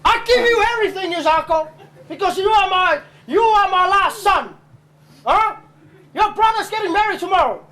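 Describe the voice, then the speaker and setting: A man's voice: very high voice, expressive, moderate pace, bright, forceful tone, slight background noise, heavily acted. A man playing a stern father and village chief, scolding his son and barking "huh?" over and over. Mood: hectoring. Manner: scolding, bullying, repeats "huh?" constantly. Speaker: comic stage actor. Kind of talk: live comedy skit.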